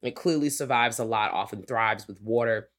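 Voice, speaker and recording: A man's voice: lowish voice, normal speed, a bit bright. A man co-hosting a casual film-review podcast, talking loosely with plenty of slang, swearing and filler words. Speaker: podcast co-host.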